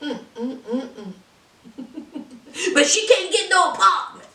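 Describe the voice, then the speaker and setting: A woman's voice: high-pitched, sing-song, slow, sharp tone, slight background noise. A woman giving a sassy, dramatic, teasing recap of a reality TV episode in casual commentary. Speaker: reality TV reviewer. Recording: roomy echo, distant from mic.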